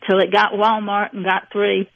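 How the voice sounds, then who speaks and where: A woman's voice: medium pitch, little pitch movement, normal speed, dry recording, highs cut off. An older woman from rural Mississippi with a Southern accent, chatting as an author guest in a rambling, folksy way with frequent laughs. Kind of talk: casual interview chat.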